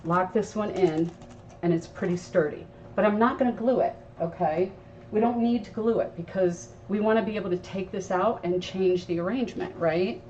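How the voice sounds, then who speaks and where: A woman with a mid-range voice and moderate pace hosts a live crafting tutorial, chatting to her viewers and explaining things while she works at her craft table. The distant mic makes the sound dull, with a little noise underneath.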